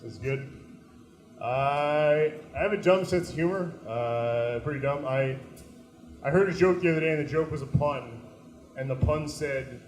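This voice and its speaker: A young man doing a stand-up set, telling stories in a deadpan way and breaking into loud put-on voices. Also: on the high side, measured pace. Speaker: stand-up comedian. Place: small comedy venue. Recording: echoey room.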